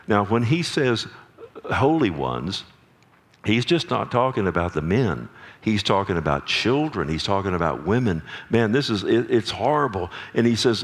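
A man's voice: lowish voice, very animated, moderate pace. A man preaching a sermon as pastor, earnest and emphatic, with frequent restarts and light asides to the congregation. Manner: jokes with the congregation. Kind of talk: sermon teaching.

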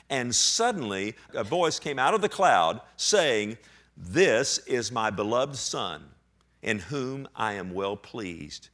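A man preaching a sermon, reading scripture slowly and swinging between hushed and loud, animated delivery. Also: fairly low pitch, creaky. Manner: reads scripture aloud with slow emphasis. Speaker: pastor.

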